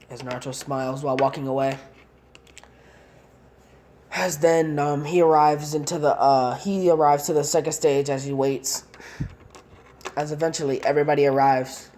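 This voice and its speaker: A woman's voice: low-pitched, fairly even intonation, fairly quick, darkish tone, slight background noise. A woman casually narrating a fan-made story in long, rambling run-on sentences.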